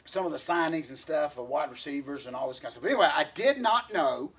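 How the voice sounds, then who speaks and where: A man co-hosting a casual podcast, his voice pitched high with a husky edge. He rambles and circles back, restarting his sentences and filling the gaps with "uh" as he goes. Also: lively intonation, quick pace, fairly bright tone. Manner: rambling, many fillers and restarts, laughs often. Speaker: podcast co-host.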